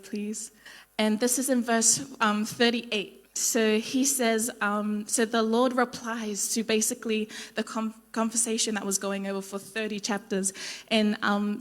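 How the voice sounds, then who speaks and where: Young woman, slightly high voice, casual church Bible talk, filler-heavy, acts out quotes. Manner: chatty, lots of ums and likes, acts out quotes. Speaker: youth speaker at church. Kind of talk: informal Bible study talk with slides.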